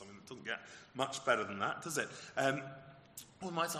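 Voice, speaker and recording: A man, the vicar, preaching a lively sermon and acting out the quoted exchanges, with some stumbles and repeated words. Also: medium pitch, a little fast, reverberant, in a large hall, a little hiss or hum. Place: church.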